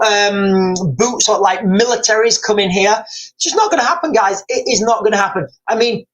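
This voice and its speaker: A man's voice: high voice, poor audio. A British man hosting a live stream, talking through world events at length, often restarting sentences, calling his viewers "guys" and reading out their comments. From United Kingdom. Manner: rambling, repeats and restarts words, addresses viewers as guys.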